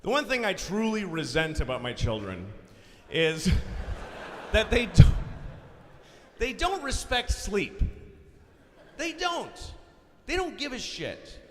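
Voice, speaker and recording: A man's voice: sits high, very animated, slow pace, fairly bright tone, a little hiss or hum. A man doing crude, exasperated stand-up comedy on a large concert hall stage. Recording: live concert hall recording.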